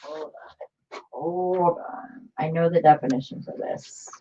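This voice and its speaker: A woman's voice: low voice, slow, mellow, highs cut off, a little hiss or hum. A woman chatting casually on a live stream as she shows off her book collection, rambling and greeting viewers by name.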